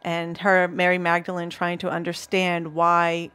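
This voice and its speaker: A woman's voice: lowish voice, completely flat delivery, unhurried, a bit bright, clear, resonant tone. A woman with a Boston accent, co-hosting a local talk show in a chatty, enthusiastic way, telling stories and laughing easily. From Massachusetts. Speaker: co-host. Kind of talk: casual chat.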